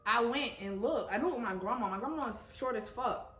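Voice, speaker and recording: A woman co-hosting a vlog, telling stories in a casual, animated way, full of swearing and frequent laughter. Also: a little high, fairly quick. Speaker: vlog co-host. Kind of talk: casual storytelling. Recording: roomy sound with music behind.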